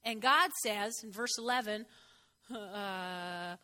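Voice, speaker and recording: A woman preacher delivering a conversational sermon, getting the congregation to repeat phrases after her and jumping in pitch for emphasis. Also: takes it slowly. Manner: expressive, jumps in pitch for emphasis.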